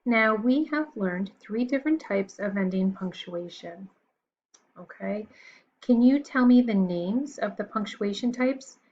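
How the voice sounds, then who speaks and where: A woman teacher giving a recorded lesson to young children, patient and encouraging, pausing for answers. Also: medium pitch, lively intonation, a little mellow, lo-fi sound, a little hiss or hum.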